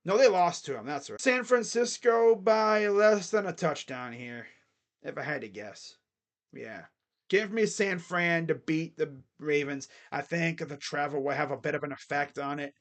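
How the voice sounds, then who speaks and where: A man hosting a football picks video, talking casually and excitably and thinking out loud. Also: fairly high pitch, a little slow. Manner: rambling, excitable, thinks aloud. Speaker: sports picks channel host.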